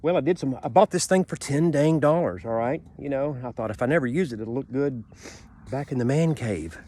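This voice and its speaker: Out in a sunny garden yard, a man with a sniffly, stuffed-up nose films a rambling, folksy homesteading vlog on a handheld phone, going over the same points again. He talks briskly in a mellow, mid-range voice, with slight background noise.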